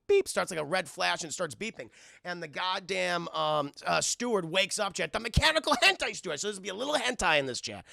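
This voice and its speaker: A man's voice: sits high, big pitch swings, fairly quick, creaky, sharp tone, no room sound, clean studio sound. A man casually recapping a cartoon episode on a live stream, rambling and swearing as he keeps talking to his chat.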